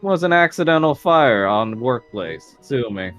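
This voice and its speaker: A man's voice: mid-range voice, big pitch swings, moderate pace, a bit bright. A man voicing a cocky, cigar-smoking orc hunter who drawls teasing lines, over faint music. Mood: smug teasing.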